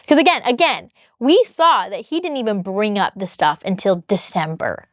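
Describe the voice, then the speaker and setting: A woman's voice: medium pitch, animated, moderate pace, few pauses, fairly bright tone, no room sound, clean studio sound. A woman vlogger telling her own story, heated and exasperated as she reads out text messages. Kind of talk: casual storytelling vlog.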